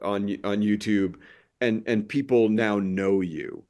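A man's voice: on the low side, fairly even intonation, slow, darkish tone. A man hosting a podcast, asking long, winding questions in a casual chat. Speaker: podcast host.

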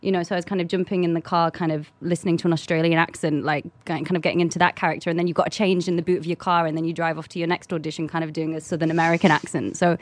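A woman's voice: on the low side, little pitch movement, rapid-fire, few pauses, dry recording. Chatty young Englishwoman with a dry voice. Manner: chatty, lots of "kind of" fillers. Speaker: actress, guest. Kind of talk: casual interview chat.

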